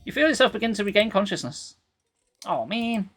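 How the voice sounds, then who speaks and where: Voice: medium pitch, expressive, brisk, a bit bright, breathy edge, soft background music. A streamer reading a dating game aloud live, dropping dry, sarcastic asides between the lines.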